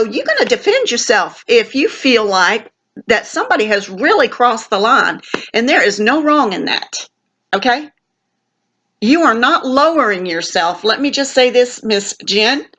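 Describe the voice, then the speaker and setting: A woman's voice: a little high, fairly bright tone. Rambling grandmother vlogging while sick. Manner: rambling, heartfelt, many fillers and restarts. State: sick with a sinus infection. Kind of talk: casual rambling vlog. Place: indoors at a family home.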